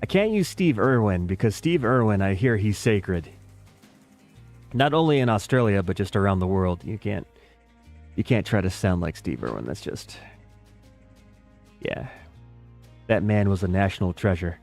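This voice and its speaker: A man's voice: fairly low pitch, expressive, moderate pace, pauses often, darkish tone, faint music behind. Rambling American man streaming a game. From United States. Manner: rambling, self-deprecating, talks to chat. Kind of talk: casual live-stream chat while playing.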